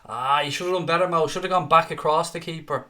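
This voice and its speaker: Sweary, excitable Scouse fan commentator. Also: male voice, fairly high pitch, fast talker. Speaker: watchalong host and fan commentator. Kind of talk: live fan commentary and chat reading.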